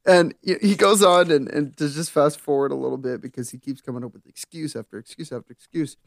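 A man chats on a faith podcast with a fairly high, animated voice, often laughing. He reads scripture aloud, then retells it in slangy modern words. He is recorded close up on a dry studio mic. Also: fast talker, gravelly, no room sound. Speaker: podcast co-host. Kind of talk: casual faith podcast chat, reading scripture.

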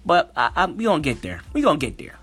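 A man's voice: fairly high pitch, huge pitch swings, fast, fairly bright tone, faint music behind. A man giving impassioned solo commentary, reading passages aloud and breaking in with emotional, worked-up remarks that often repeat themselves. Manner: reads text aloud, then comments.

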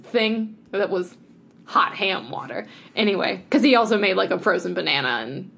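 A woman's voice: medium pitch, moderate pace, vocal fry, pushed and bright, slight background noise. A woman co-hosting a podcast, chatting casually with lots of fillers and frequent laughs. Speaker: podcast co-host. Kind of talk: casual chat.

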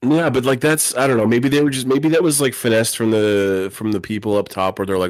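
A man's voice: medium pitch, steady tone, a little fast, few pauses, no room sound. A man co-hosting a casual podcast chat, rambling and swearing freely, now and then acting out mocking voices. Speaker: podcast co-host.

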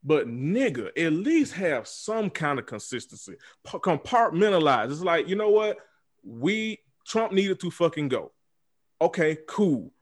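A man's voice: on the high side, big pitch swings, measured pace. A man hosting a podcast, speaking in a heated, profane, repetitive casual rant. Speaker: podcast host. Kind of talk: casual chat.

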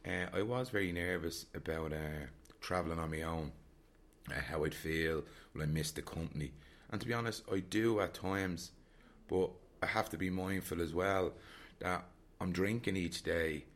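A Dubliner with a low voice and a Dublin Irish accent talks at normal speed about travelling alone. The solo traveller vlogger is candid and reflective, rambling and repeating phrases as he goes.

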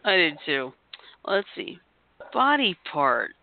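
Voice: mid-range voice, sing-song, normal speed, dry recording. A host running a party word game on a podcast, chatty and giggly, calling on each player by name. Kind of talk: casual podcast game hosting. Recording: tinny phone-line audio.

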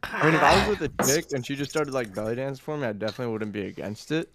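Man, casual chat, fast, animated pitch, dry mic. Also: very noisy. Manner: frank, offhand opinions.

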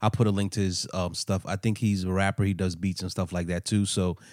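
A man's voice: sits low, flat delivery, a little fast, darkish tone, no echo, studio quality. A man co-hosting a podcast, telling stories in a loose, rambling way with lots of fillers. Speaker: podcast co-host. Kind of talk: casual chat.

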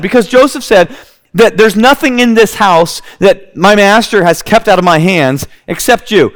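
A man delivers a sermon, telling the story with lively animation. His voice sits high and swings widely in pitch, full of expression. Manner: animated storytelling, acting out scenes with kids. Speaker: preacher.

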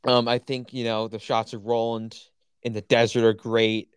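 A man's voice: medium pitch, little pitch movement, moderate pace, clear, resonant tone, dry recording. A man co-hosting a podcast in casual chat, enthusiastic and opinionated, with lots of fillers. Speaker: podcast co-host.

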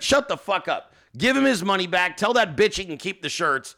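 A man talks straight to his live audience, swearing freely and ranting. His voice sits fairly high for a man, bright and forceful. His pitch swings widely as he works himself up. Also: expressive, brisk, vocal fry, hardly any pauses. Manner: profane, ranting; reads viewer emails and chat aloud. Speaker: host. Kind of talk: casual livestream chat.

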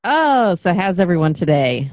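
A woman's voice: on the low side, sing-song, normal speed, a little mellow, lo-fi sound, a little hiss or hum. A woman co-hosting a podcast in casual chat, giggly and teasing, swearing freely. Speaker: podcast co-host.

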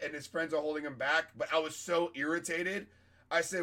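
A man with a hoarse voice, pitched a little high, spins a story as a comedian on a podcast. He talks casually and swears often. He acts out the people in the story as he goes. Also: a little fast. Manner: profane, animated storytelling with quoted voices.

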